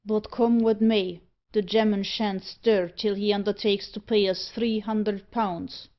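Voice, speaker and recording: A cunning, coarse tinker out to extort a gentleman, read by a woman narrator. He talks slyly and drops his h's, at a middling pitch, on a slightly muffled recording. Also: fairly even intonation, unhurried, lightly acted.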